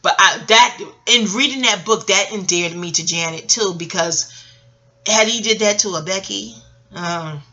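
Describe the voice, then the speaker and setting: A woman's voice: medium pitch, a little slow, sharp tone. A middle-aged American woman vlogging in a scattered, rambling way, jumping between tangents and swearing freely. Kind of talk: casual rambling commentary.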